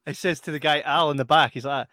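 Slightly high-voiced man telling a story. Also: steady tone, fast, pushed and bright, no room sound. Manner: storytelling, says "mate". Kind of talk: casual movie review chat.

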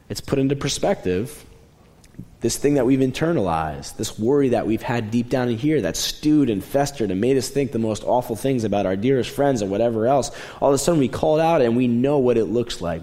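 A young adult man preaching a sermon in a conversational way, moving between raised, emphatic lines and quiet, low asides. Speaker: pastor.

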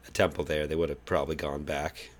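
A man's voice: very deep voice, little pitch movement, fast talker. A man co-hosting a casual chat, hedging his points with lots of fillers. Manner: hedging, filler-heavy talk. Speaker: podcast co-host.

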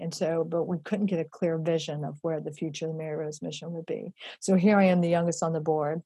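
Middle-aged woman, storytelling, lively quoted voices, husky, warm and dry sound. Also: low voice, dry recording. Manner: animated, acts out quoted voices, many fillers. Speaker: charity founder telling her story. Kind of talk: personal storytelling.

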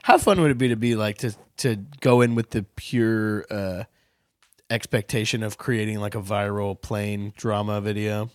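A man's voice: lowish voice, fairly even intonation, normal speed, a little mellow, dry recording, studio quality. A young man co-hosting a comedy podcast, rambling through jokey stories. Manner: rambling, jokey, trails off into bits. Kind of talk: casual comedy podcast banter.

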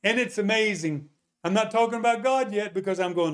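A man preaching, telling a testimony story as an animated storyteller who asks his listeners questions. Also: high voice, moderate pace.

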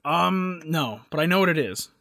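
A man hosting a casual chat, with an upbeat manner and quick short reactions that keep his guest talking. His voice is bright and sits a little high. The recording is dry and close. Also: expressive, vocal fry, dry recording. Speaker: podcast host.

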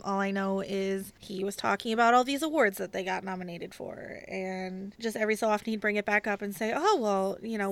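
A woman's voice: medium pitch, dry recording. A woman guest on a podcast, chatting casually and acting out quoted exchanges as she tells stories. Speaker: guest voice actor.

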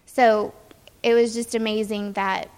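Flat-voiced young woman in a hall. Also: mid-range voice, a little slow, clear, resonant tone. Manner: hesitant, many ums. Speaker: mission trip speaker. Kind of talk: church presentation talk. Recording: echoey hall.

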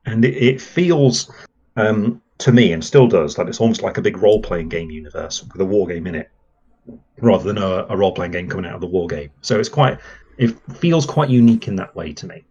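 A man's voice: low-pitched, lively intonation, brisk, darkish tone, breathy edge, muffled recording. A man, a podcast guest chatting enthusiastically with lots of fillers. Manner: rambling and enthusiastic, many fillers. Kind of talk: casual podcast chat.

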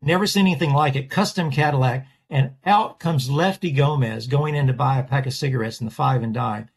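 Casual man spinning a story, does the voices, kinda raspy. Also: mid-range voice, brisk. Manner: animated storyteller, acts out quoted voices. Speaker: portrait artist guest. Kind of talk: storytelling in a podcast interview.

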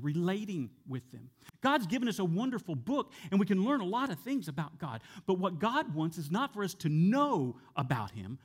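A male pastor preaching a sermon in a conversational way, sometimes dropping soft and slow for emphasis. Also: high-pitched, husky. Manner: conversational with fillers and repeated words.

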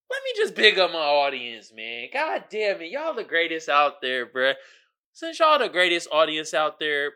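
Animated, bright-voiced male podcast host. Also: a little high. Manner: animated, laughing, breaks into loud outbursts; slangy, addresses listeners directly. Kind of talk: casual solo podcast chat.

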